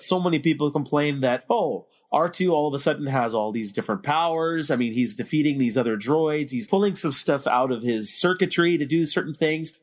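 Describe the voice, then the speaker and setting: A man hosting a casual movie podcast, opinionated and steering the chat with questions. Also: medium pitch. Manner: opinionated, leads the discussion with questions. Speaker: podcast host.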